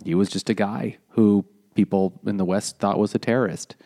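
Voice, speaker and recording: Male co-host, lowish voice, casual halting book chat. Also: fairly even intonation, dark tone. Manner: halting, rambling with restarts. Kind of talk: casual chat over beers.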